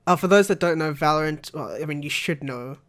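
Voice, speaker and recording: Young male podcast co-host, chatty and rambling, light higher voice. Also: brisk, a bit bright. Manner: rambling, chatty, laughs often. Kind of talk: casual gaming chat.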